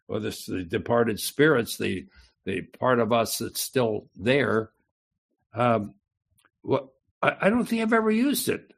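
A man reading a psalm aloud and explaining it, slow and emphatic, pausing and restarting as he thinks. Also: medium pitch, creaky, breathy edge. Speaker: Bible teacher.

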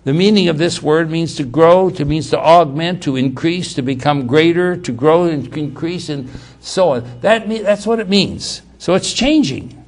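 A man's sermon, spoken at normal speed in a voice a little on the high side. He stresses key words by repeating them, begins sentences again, and switches between emphatic volume and quiet asides.

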